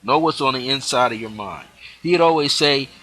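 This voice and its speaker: A man hosting a spiritual teaching show, speaking reflectively and letting his phrase endings drop off softly. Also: medium pitch, normal speed, poor audio.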